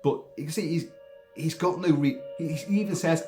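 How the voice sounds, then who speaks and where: A man talking casually about a film, rambling in an animated way with many restarts and put-on voices. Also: a little high, moderate pace, over music. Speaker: film commentator.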